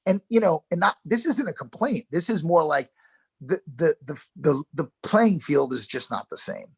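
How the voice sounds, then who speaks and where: A middle-aged man with a New York accent and a gravelly, husky voice, spinning animated stories in a casual interview. He swears freely, restarts his sentences often and keeps going without pause. The sound is dry and close. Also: a little high, no room sound. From Yonkers, New York. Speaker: actor guest.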